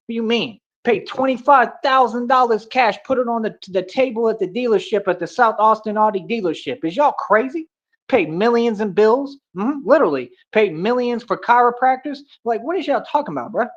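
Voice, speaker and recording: A young man holds forth on a livestream with a high, cocky voice, throwing out street slang and challenges to his listeners. The sound is dull and lo-fi, like a cheap stream mic. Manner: boastful, confrontational, slangy street talk. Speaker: livestream host. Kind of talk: ranting livestream monologue.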